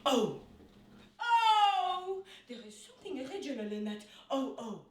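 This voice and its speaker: A boastful, theatrical young male nobleman, played by a woman, in a stage comedy, swooping through lively exclamations. The voice is heard from a distance in a roomy studio, with faint background noise. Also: on the high side, brisk, close to an everyday voice. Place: studio room.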